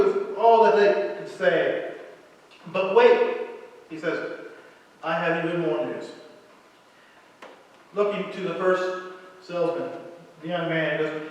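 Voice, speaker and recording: Man, pastor, high voice, dramatic sermon storytelling, big echoey church hall. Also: steady tone, takes it slowly, pauses often, darkish tone, distant mic. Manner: dramatic storytelling, acting out the characters' lines. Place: church sanctuary.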